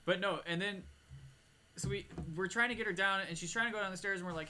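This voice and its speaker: Male podcast co-host, bright and lively, animated storyteller doing quoted voices. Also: high voice, fairly quick, a little hiss or hum. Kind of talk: casual storytelling chat. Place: home garage.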